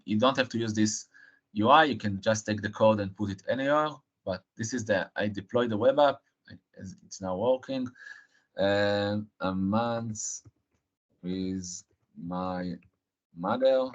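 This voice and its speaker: A man presenting a live technical software demo, halting and filling pauses with frequent uh and um. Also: lowish voice. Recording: dull lo-fi stream audio.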